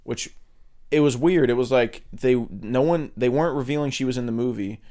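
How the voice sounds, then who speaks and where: A man's voice: mid-range voice, moderate pace, warm tone. A man co-hosting a podcast, talking in a casual, rambling way with lots of fillers and restarts. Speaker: podcast co-host. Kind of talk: casual chat.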